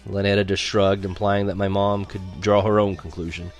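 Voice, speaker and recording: A man's voice: fairly low pitch, fairly quick, few pauses, faint music behind. A young man narrating a first-person story in a wry, conversational way. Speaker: audiobook narrator.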